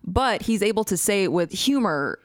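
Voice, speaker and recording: A woman answering an interview question in a relaxed conversational way. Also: medium pitch, moderate pace, dry recording, studio quality. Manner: conversational, with fillers.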